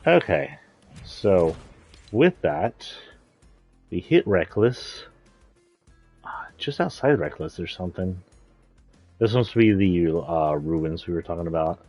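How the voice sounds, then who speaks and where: A man's voice: deep voice, lively intonation, slow, long pauses, a little mellow, slightly rough, faint music behind. A man giving casual, rambling gameplay commentary, thinking aloud and correcting himself as he goes. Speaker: streamer.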